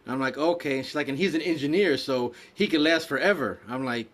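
In a relaxed chat, a male podcast co-host with a medium-pitched voice spins a story at a brisk clip. Swearing heavily, he brings it to life by performing the lines people said.

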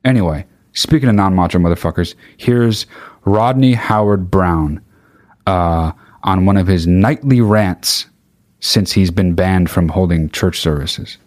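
A man's voice: low voice, measured pace, a little mellow. Exasperated swearing male host. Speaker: podcast host. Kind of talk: casual profane rant.

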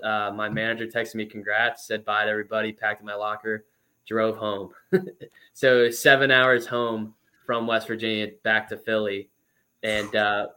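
A man in his twenties, a former pro baseball player, telling stories as a guest in a casual interview, chatty and lively with lots of fillers. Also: on the low side, smooth.

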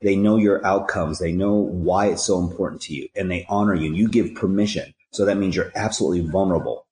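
Deep-voiced man giving earnest life advice. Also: steady tone, fast talker, darkish tone, echoey room. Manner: earnest, preachy, uses rhyming catchphrases. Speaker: podcast guest. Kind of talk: conversational storytelling and life advice.

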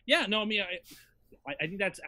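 A man's voice: sits high, expressive, moderate pace, sharp tone. A man co-hosting a podcast in casual chat, talking in a mock-grandiose, wordy way about himself. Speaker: podcast co-host.

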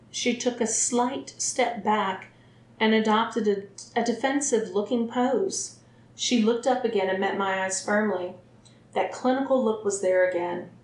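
A woman narrates a first-person story in a steady, even reading voice. Her pitch sits in the middle range, and the recording has a roomy echo around it.

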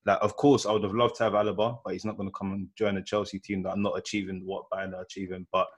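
Husky-voiced man, slangy podcast chat. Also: deep voice, quick pace. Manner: animated, slangy, rambling. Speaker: podcast co-host. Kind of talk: casual chat.

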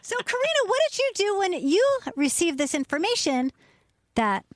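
A woman's voice: very high voice, very animated, moderate pace, no room sound, clean studio sound. A woman radio host acting out a mock courtroom on a podcast, playful and theatrical, questioning like a lawyer.

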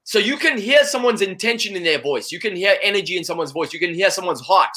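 A man talking as an interview guest, animated and full of "you know" fillers. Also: sits high, quick pace. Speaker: guest, salesperson. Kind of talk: conversational interview.

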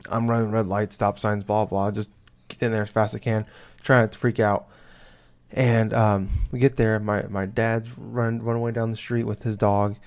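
A young man chatting casually on a podcast, telling a story in a halting, rambling way full of restarts and fillers. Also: lowish voice, flat delivery, a little mellow.

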